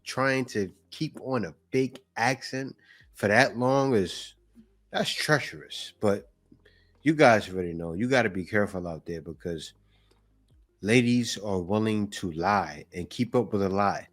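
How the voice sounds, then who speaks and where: A man's voice: fairly low pitch, unhurried. A man hosting a reaction channel, commenting casually and speaking directly to his viewers.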